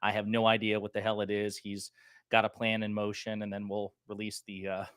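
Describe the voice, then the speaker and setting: A man hosting a political commentary livestream, chatting casually and reading viewer comments, with a lingering cough that makes him clear his throat. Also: fairly low pitch, monotone, fairly quick, fairly bright tone, no echo, clean studio sound. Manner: loose, chatty and joking.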